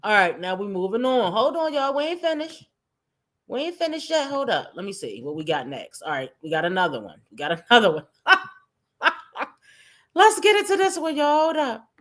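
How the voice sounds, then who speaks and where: A woman's voice: on the high side, big pitch swings, moderate pace. A woman streamer giving sarcastic, mocking reaction commentary and talking straight to her viewers. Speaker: streamer host.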